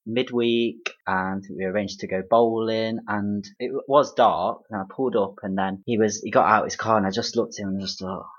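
A young woman with a Derby English accent talks in a low, husky voice. She chats loosely as a guest, often laughing and trailing off. The sound is a little dull and muffled. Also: fairly even intonation, normal speed, few pauses. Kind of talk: casual chat.

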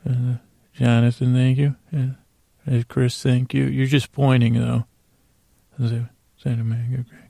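In a dry recording, a male podcast host speaks in a warm, mid-range voice with vocal fry and little pitch movement, taking his time. He's doing a casual, playful thank-you bit, rambling as he thanks listeners and chats with imaginary creatures.

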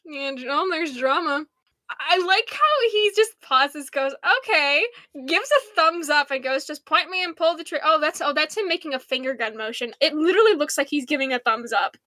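A young American woman co-hosting a casual podcast, rambling excitedly and swearing freely. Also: high voice, normal speed, no room sound. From United States. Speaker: podcast co-host. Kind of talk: casual fan chat.

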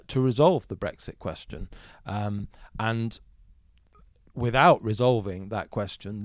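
Measured male political commentator, dry sound. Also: fairly low pitch, no echo. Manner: measured, thoughtful, hedging with fillers. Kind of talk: podcast interview.

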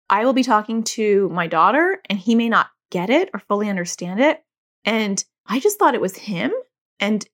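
Chatty woman podcast host. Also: mid-range voice. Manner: chatty, candid, acts out quoted dialogue with family. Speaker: podcast host and anxiety educator. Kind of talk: casual solo podcast talk.

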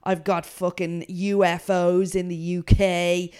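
Podcast co-host lady, low smooth voice, short blunt quips. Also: little pitch movement, takes it slowly, a little mellow. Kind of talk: casual chat.

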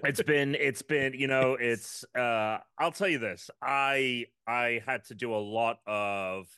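A British man from England co-hosting a podcast, telling stories in a halting, self-deprecating way with many restarts. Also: mid-range voice, sharp tone, clear, resonant tone, no echo. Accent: British English. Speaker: podcast co-host. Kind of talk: casual chat.

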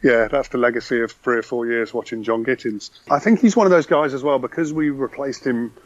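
A man's voice: mid-range voice, fairly quick, no room sound, dull audio. A man, a podcast guest, talking casually and enthusiastically about football, rambling with frequent restarts.

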